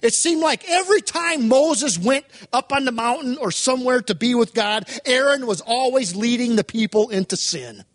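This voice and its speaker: A man's voice: extremely high pitch, expressive, moderate pace, hardly any pauses, no echo, studio quality. A man preaching a sermon with emphatic delivery, strings of rhetorical questions and dramatized retellings.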